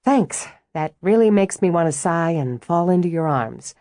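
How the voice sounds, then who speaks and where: A woman's voice: on the low side, lively intonation, moderate pace, dry recording, studio quality, close to an everyday voice. Woman doing a sarcastic young widowed mother. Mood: sardonic. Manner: sharp, sarcastic retorts.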